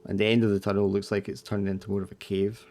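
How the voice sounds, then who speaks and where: A man's voice: on the low side, flat delivery, very fast, dark tone. A man narrating a tabletop horror game as game master, describing scenes with loose fillers like "uh" and "like".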